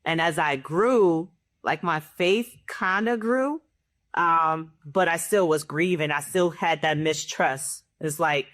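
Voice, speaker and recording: A woman's voice: low-pitched, slow, fairly bright tone. A woman on a discussion panel, speaking candidly and thoughtfully about her own experience. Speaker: panel guest. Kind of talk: casual personal sharing.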